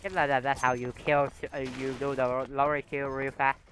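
This young gamer has a medium-pitched, flat voice at normal speed, with background noise behind him. He rambles through casual gameplay commentary full of fillers, taunting opponents and yelping whenever he gets hit.

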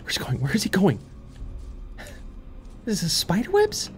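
Man, gaming YouTuber, let's play commentary, drawn-out unhurried speech, panicky laughing outbursts. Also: sits high, wildly swooping pitch, faint music behind.

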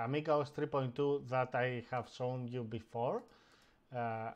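A man hosting a casual live stream, narrating each step of a computer task as he does it. He speaks slowly at a middle pitch and stops often to search for words. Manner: hesitant, many fillers and restarts while operating the computer.

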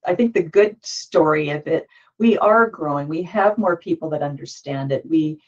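A woman's voice: sits low, moderate pace. Woman moderator on an online panel, keeps restarting sentences, muffled lo-fi audio. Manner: thinking aloud with frequent restarts.

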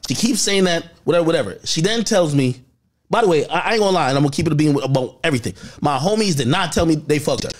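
A man telling a personal story in casual chat, animated and full of slang, acting out what others said. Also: on the high side, quick pace. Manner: animated, acts out quotes with slang.

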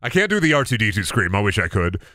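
A man's voice: fairly low pitch, big pitch swings, quick pace, sharp tone, no echo, studio quality. A man streaming a video game live, rambling and mocking his chat and opponents, with lots of swearing. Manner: rambling, self-interrupting. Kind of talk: live gaming commentary.

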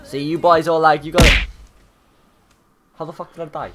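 Young man, Welsh accent, gaming commentary, swearing, joking, fairly high pitch, faint music behind. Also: fairly even intonation, normal speed, long pauses, a bit bright. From Wales. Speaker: gaming YouTuber. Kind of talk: casual gameplay commentary.

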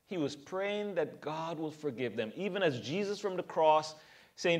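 A man's voice: a little high, expressive, normal speed. A male pastor giving a verse-by-verse sermon in an earnest, emphatic way, full of rhetorical questions to his congregation.

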